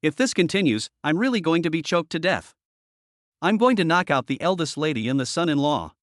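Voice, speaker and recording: A man's voice: fairly high pitch, expressive, fairly quick, no room sound, studio quality, lightly acted. A man voicing an exasperated young man who complains about a couple's affection. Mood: fed up.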